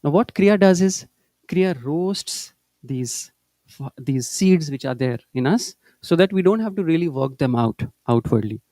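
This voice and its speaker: Male meditation teacher, high pitched, earnest, explains through stories. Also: expressive, normal speed, few pauses, dark tone, no echo. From India. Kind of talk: spiritual talk.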